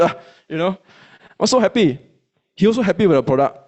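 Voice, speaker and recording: A man with a Malaysian English accent, telling a motivational story to an audience in a colloquial, animated way and acting out his own dialogue. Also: high voice, fast talker, pauses often. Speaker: speaker at a business event.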